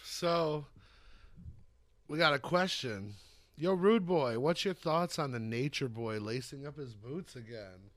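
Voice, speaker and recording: A man's voice: mid-range voice, expressive, slow, fairly bright tone, no echo, studio quality. A man co-hosting a podcast, reading listener questions in an easygoing, casual way. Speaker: podcast co-host. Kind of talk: casual chat.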